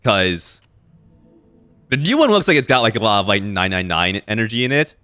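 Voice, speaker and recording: Lively male streamer with a bright voice. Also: on the low side, moderate pace, soft background music. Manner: animated, swears and laughs often. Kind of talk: casual let's-play commentary.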